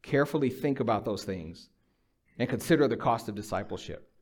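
Middle-aged man, pastor, conversational sermon, emphatic, dry humor, mid-pitched voice. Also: animated, fairly quick, a little mellow.

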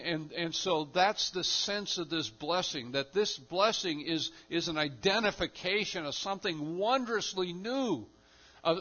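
A man's voice: sits high, sharp tone, dull audio. A man preaching a sermon in an emphatic style, often repeating and restarting his phrases. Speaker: pastor.

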